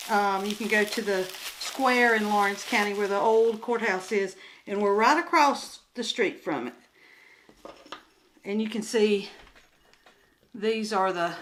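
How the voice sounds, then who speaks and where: Older woman with a Southern drawl, rambly unboxing chat on a handheld phone, easy unhurried pace. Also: medium pitch, slight background noise, rough recording. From Southern United States. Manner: rambling, chatty, often trails into soft murmurs. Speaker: crafts vlogger and booth vendor. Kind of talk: casual unboxing chat to camera. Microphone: handheld phone camera.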